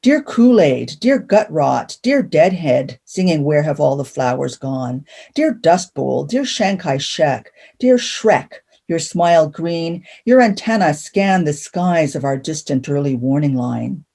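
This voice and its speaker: A woman from Canada giving a measured, rhythmic reading of her own poetry. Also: low voice, expressive, vocal fry, mellow. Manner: rhythmic, measured delivery of punning verse. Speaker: poet.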